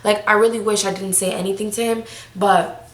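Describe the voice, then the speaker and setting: A woman's voice: mid-range voice, steady tone, a little fast, roomy sound, slight background noise. An eighteen-year-old woman telling a storytime vlog in a casual, slangy, breathless way. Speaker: vlogger.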